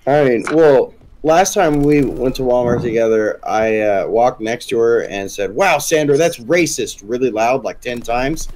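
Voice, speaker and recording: A man's voice: medium pitch, unhurried, slight background noise. A man from California co-hosting a podcast, telling crude stories in casual banter. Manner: lively, crude storytelling with sudden loud bursts. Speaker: podcast co-host.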